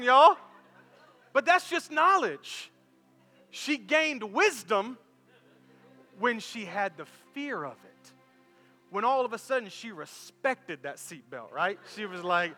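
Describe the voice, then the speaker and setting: A man in his thirties, a pastor preaching a sermon, telling a lively story to his church. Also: extremely high pitch, takes it slowly, long reverb tail, faint music behind. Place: church auditorium.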